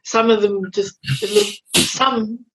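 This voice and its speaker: A New woman chatting casually as a guest, dropping wry and giggly asides. Her voice sits a little high. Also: fairly even intonation, slow pace, noisy background. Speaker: podcast guest. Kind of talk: casual chat.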